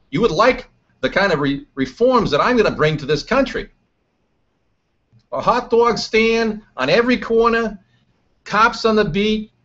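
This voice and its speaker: A man's voice: on the high side, fairly bright tone, voice pushed up. A man playing a pushy male mayoral candidate with a New Jersey accent, giving a hectoring campaign speech. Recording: dull lo-fi stream audio.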